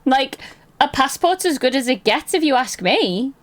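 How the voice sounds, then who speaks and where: A woman's voice: high-pitched, sing-song, normal speed, a bit bright. A woman streamer chatting casually with her viewers, answering chat aloud and swearing freely.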